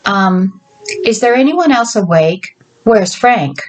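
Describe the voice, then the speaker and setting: A woman's voice: mid-range voice, lively intonation, slow, faint music behind. A woman reading aloud, voicing an injured, embarrassed man who talks in an insistent, fretful way.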